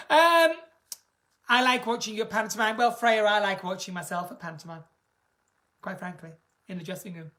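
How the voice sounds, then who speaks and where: A woman's voice: medium pitch, fairly quick, bright, forceful tone. A woman hosting a casual live stream, chatting in a camp, gossipy and theatrical way. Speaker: singer and live-stream host.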